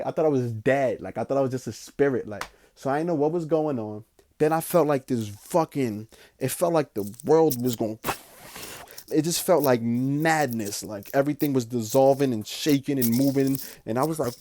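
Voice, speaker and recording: Young male podcast host, mellow voice, animated profane storyteller with lots of fillers. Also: medium pitch, moderate pace. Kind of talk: casual storytelling.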